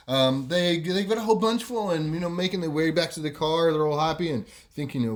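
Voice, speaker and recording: Podcast host, casual storyteller, rambling delivery, pitch a bit above average. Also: male voice, quick pace, few pauses. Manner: rambling, lots of ums and "you know".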